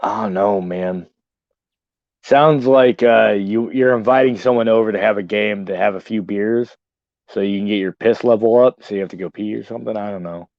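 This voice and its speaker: American dude guesting on a podcast, low voice, easygoing and sweary, kinda dull lo-fi dry sound. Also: male voice, moderate pace, no room sound. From United States. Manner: easygoing, chuckling, profane. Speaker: guest, professional wrestler. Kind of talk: casual podcast interview.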